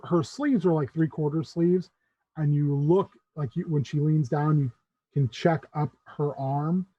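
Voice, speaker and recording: A man's voice: a little high, warm tone, husky, no echo, lo-fi sound. A man narrating as game master in a loose, rambling way, full of fillers.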